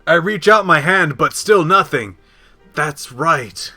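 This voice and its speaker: A man reading aloud as a frightened, lonely orphan girl, halting over words. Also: on the high side, animated, bright, forceful tone, faint music behind, exaggerated voice. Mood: despairing. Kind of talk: reading a story game aloud in character.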